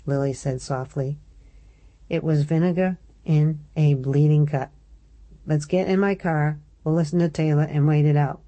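A woman narrating a novel in a low, mellow voice. She reads the story steadily and gives each character a slight shift in voice. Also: fairly even intonation, normal speed, highs cut off. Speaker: audiobook narrator. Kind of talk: scripted narration.

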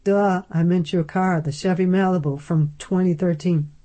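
A woman's voice: fairly low pitch, steady tone, normal speed, dark tone, lightly acted. A woman reading aloud and voicing a fussy, blunt young man who corrects every detail. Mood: matter-of-fact.

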